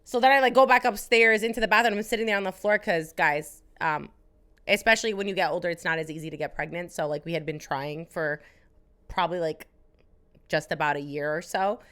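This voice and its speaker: A woman's voice: lowish voice, fairly even intonation, a little fast, fairly bright tone, clean tone. A woman podcast co-host telling a personal story in casual, profane, rambling chat.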